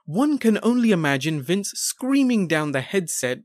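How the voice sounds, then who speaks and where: A man reading a scripted countdown narration in a measured, explanatory tone. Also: high voice, no room sound, studio quality. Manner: measured, reads numbered entries in an even explanatory tone.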